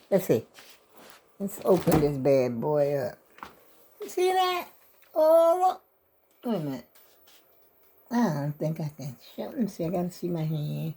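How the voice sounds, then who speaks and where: A woman's voice: low-pitched, slightly rough. An older woman vlogger, rambling in casual chat to her viewers. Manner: rambling, chatty, talks to viewers as y'all.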